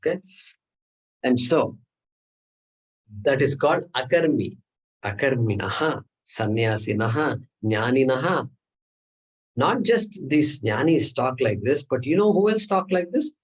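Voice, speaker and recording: The man's mid-range voice swings widely in pitch and sounds slightly rough, and he speaks unhurriedly with frequent pauses. Audio is poor. It's a classroom scripture lecture where he explains step by step, often checks in with "okay?", and asks rhetorical questions.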